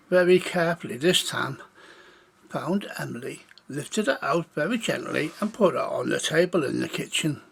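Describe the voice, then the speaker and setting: A man's voice: fairly high pitch, fairly bright tone. A man telling an improvised children's story in a meandering way. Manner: gravelly, slow and meandering.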